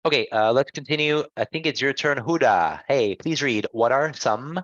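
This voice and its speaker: A man's voice: mid-range voice, animated, normal speed, a bit bright, no echo, highs cut off. A man teaching an online English class, patient and encouraging, repeating and rephrasing answers for his students.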